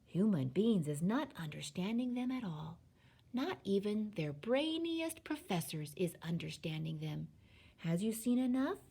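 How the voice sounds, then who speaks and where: A woman reading aloud, voicing a big friendly male giant who speaks in gentle, broken grammar. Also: mid-range voice, big pitch swings, creaky, husky, full character voice. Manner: mangled grammar, gentle and slow.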